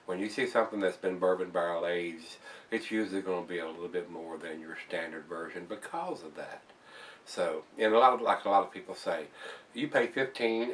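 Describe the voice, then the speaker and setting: A man with a lowish voice rambles through a casual beer review, repeating himself and calling his viewers guys. He sits back a little from the mic, so he sounds slightly distant.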